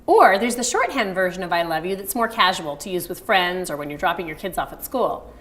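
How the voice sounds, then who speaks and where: A woman's voice: on the low side, animated, a little fast, fairly bright tone. A middle-aged woman teaching baby sign language in a friendly online video lesson, acting out parent phrases with a sweet sing-song emphasis.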